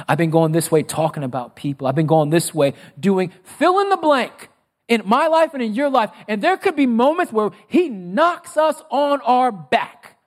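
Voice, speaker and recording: A male pastor with a fairly high voice, preaching emphatically. He quizzes his listeners with fill-in questions, rushing through some phrases and drawing out others for weight. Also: animated. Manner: emphatic, with sudden bursts of speed and drawn-out phrases. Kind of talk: sermon.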